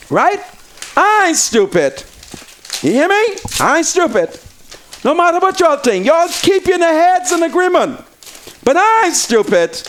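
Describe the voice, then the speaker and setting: Fiery high-voiced Bahamian man. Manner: fiery, preachy, dialect-heavy. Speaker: talk show host. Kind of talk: heated political talk show.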